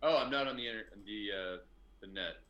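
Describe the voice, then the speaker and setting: A man's voice: fairly low pitch, brisk, dull audio. A man with a Canadian accent, an easygoing guest joking on a video call. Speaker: guest coach. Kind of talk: casual video call chat.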